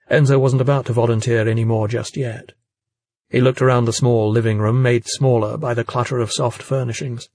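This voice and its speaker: A man reading a novel aloud as a narrator, in a steady, even storytelling manner. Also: medium pitch, fairly quick, no room sound. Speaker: audiobook narrator. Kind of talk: scripted narration.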